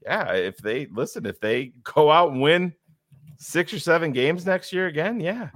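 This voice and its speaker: A man's voice: on the high side, lively intonation, a little slow, fairly bright tone, no room sound. A middle-aged man co-hosting a casual sports talk show in a studio, blunt, profane and sarcastic. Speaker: podcast co-host. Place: podcast studio.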